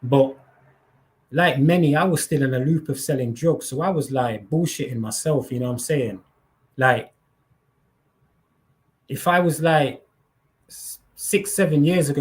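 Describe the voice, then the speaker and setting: A man's voice: medium pitch, a little slow, pauses often. A man talking casually and at length as host of a live stream, using slang and often repeating himself. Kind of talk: casual live chat monologue.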